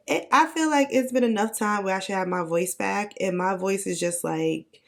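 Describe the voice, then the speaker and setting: A young woman with a hoarse, raspy voice from losing it, hosting a casual solo podcast in a playful, animated way. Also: mid-range voice, takes it slowly. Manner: playful, animated, breaks into mock quotes. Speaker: podcast host.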